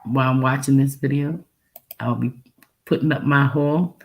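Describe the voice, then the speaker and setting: A woman's voice: extremely low pitch, normal speed. A woman hosting a casual livestream, with an accent that mixes Texan and New York speech. She laughs often and says phrases over and over. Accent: mix of Texan and New York. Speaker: livestream host reacting to a video.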